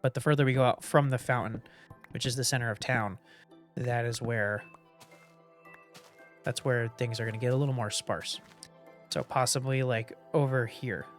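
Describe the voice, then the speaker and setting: Man, gameplay commentary, rambling, thinking aloud, average pitch, faint music behind. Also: fairly even intonation, normal speed, long pauses. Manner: rambling, thinks aloud while building, hums doop sounds.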